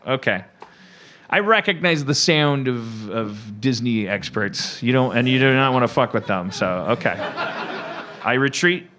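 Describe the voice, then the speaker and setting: Animated, rambling comedy podcast host man. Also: mid-range voice, measured pace. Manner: rambling, profane, animated storytelling. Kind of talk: casual comedic chat.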